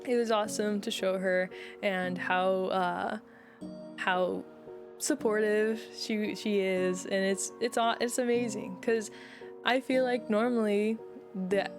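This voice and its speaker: A woman's voice: medium pitch, fairly even intonation, slow, over music. Rambling heartfelt young woman streamer. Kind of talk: casual chat with viewers.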